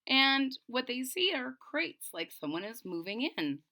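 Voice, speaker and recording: A woman reading a children's picture book aloud, stopping to explain and build suspense. Her voice is bright and lively, and her pace is slow and unhurried. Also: high voice. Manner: animated, explains story to children. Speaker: storybook reader.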